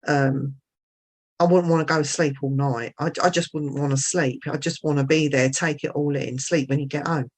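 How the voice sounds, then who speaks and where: A woman guest telling stories in a casual chat, chatty and quick to laugh. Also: low voice, steady tone, darkish tone, a little hiss or hum.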